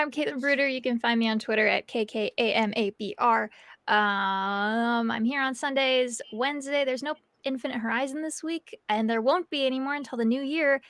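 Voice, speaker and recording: A woman's voice: on the high side, creaky, a bit bright, dry recording. A woman tabletop player who chats casually and upbeat, with a lot of fillers, as she plugs her projects. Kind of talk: casual chat.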